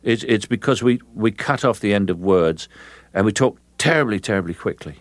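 A man's voice: fairly low pitch, expressive, moderate pace, no echo. A man with a Cockney accent, an actor telling long stories in an interview, full of restarts and fillers. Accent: London Cockney. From England. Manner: rambling storyteller with many restarts and fillers. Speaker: actor guest. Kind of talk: relaxed interview answers.

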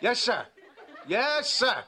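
A nervous, eager-to-please employee in a sitcom, stammering his replies. His voice sits high and swings widely, with a bright edge. A faint hiss runs under the clip. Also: big pitch swings, slow pace, heavily acted. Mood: flustered. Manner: stammering, deferential. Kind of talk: sitcom acting.

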